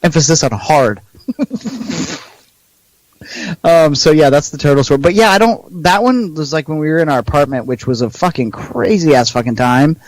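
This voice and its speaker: A man's voice: a little high, moderate pace, pauses often, no room sound, rough recording. A young man co-hosting a podcast, telling a rowdy story in casual, profane chat. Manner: profane, animated storyteller who acts out voices. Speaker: podcast co-host.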